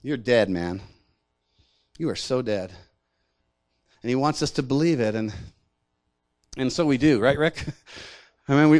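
A man preaching a sermon in a conversational way, often repeating words and chuckling between points. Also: a little high. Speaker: pastor.

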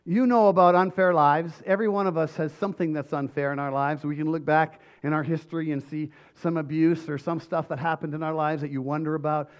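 A man preaching a sermon with emphatic delivery and frequent restarts, his voice slightly hoarse. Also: on the high side. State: voice going hoarse. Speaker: pastor.

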